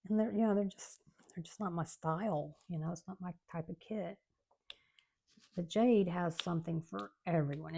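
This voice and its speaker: Woman host, low and gravelly, mellow tone, chatty craft vlog. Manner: chatty, rambling, soft-spoken. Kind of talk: casual chat while crafting. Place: home craft room.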